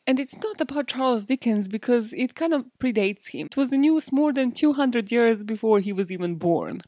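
A woman's voice: a little high, lively intonation, moderate pace, mellow, no room sound, studio quality. A woman hosting a casual true-crime podcast, chatty and self-mocking, laughing often and swearing freely. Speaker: podcast host.

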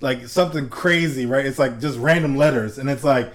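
A man co-hosting a podcast, telling stories in a casual, animated way and laughing often. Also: medium pitch, a little fast, few pauses. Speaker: podcast co-host.

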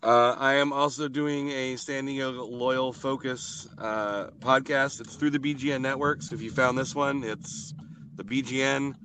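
A man answers briefly and without fuss on a casual podcast. His voice has a bright, sharp edge, with faint room ambience behind it. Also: steady tone, a little slow, a little hiss or hum. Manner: brief, low-key answers. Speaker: podcast guest co-host.

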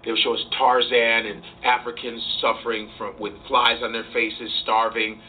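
A man being interviewed as a comedian, talking in an animated, profane way and acting out voices as he goes. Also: medium pitch, normal speed. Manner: profane, acts out voices and quotes. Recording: distant tinny sound with faint hiss.

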